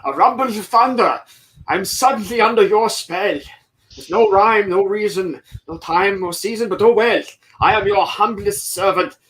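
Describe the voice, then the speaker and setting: A man's voice: high-pitched, moderate pace, a bit bright, voice pushed up, rough recording. A man voicing a stubborn hobgoblin warrior who chants a rhyming plea in a tabletop game. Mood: fervent chanting.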